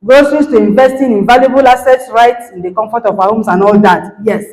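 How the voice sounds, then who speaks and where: A middle-aged woman with a Nigerian accent, giving an animated motivational talk that acts out quoted dialogue and checks in with her listeners. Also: fairly high pitch, a little fast, reverberant, low-quality recording. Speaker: guest speaker, lecturer.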